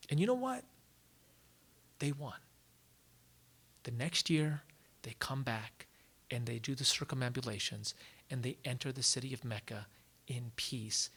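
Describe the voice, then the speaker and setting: A man lectures in a college hall with a bright, forceful voice. He tells his story in a loose, animated way, full of casual "like" asides, his pitch sitting in the middle. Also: moderate pace. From United States. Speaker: guest lecturer.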